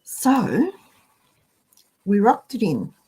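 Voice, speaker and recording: An Australian woman hosts a casual chat, speaking extremely slowly in a medium-pitched, sing-song voice that is mellow with a breathy edge. She's chatty, telling rambling everyday stories with asides to the listener.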